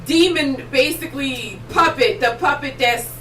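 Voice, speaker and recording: High bright-voiced woman telling a story. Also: measured pace. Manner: excitable, rambling, many fillers. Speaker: podcast host. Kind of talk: casual storytelling chat. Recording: roomy echo, distant mic, faint noise.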